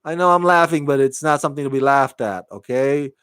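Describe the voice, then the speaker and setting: A man giving a casual, animated solo review of a TV episode, swearing freely and acting out the characters' lines. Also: medium pitch, brisk, clean tone, no room sound. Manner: animated, swears freely, laughs, acts out quotes. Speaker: TV show reviewer.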